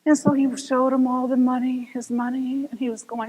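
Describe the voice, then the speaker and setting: High-voiced older woman preaching. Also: brisk, hardly any pauses. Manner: storytelling, animated voices, laughs, asks rhetorical questions. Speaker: minister. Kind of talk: sermon. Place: church sanctuary. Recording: long reverb of a church hall.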